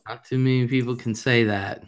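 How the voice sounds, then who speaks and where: A woman hosting a casual live chat, telling brash, loud stories with lots of laughing. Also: very deep voice, fairly even intonation, brisk. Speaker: livestream host.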